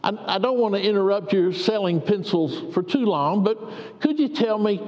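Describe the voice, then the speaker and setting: A man voicing a calm, courteous Jesus who asks and answers patiently. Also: high-pitched, normal speed. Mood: gentle. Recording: dull echoey hall recording.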